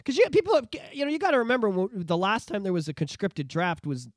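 A man from Canada co-hosting a podcast, ranting profanely about politics, swinging from loud outbursts to low mutters. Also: big pitch swings, quick pace, no echo, clean studio sound. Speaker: podcast co-host. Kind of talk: casual political rant.

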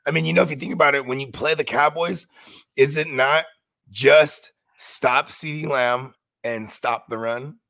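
A man's voice: medium pitch, fairly even intonation, unhurried, gravelly, pushed and bright, no room sound, clean studio sound. A man co-hosting a podcast, chatting in a laid-back, slangy way. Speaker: podcast co-host. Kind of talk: casual chat.

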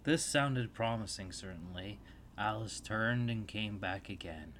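A man reading a storybook aloud as narrator, steady and even. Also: on the low side, a little slow.

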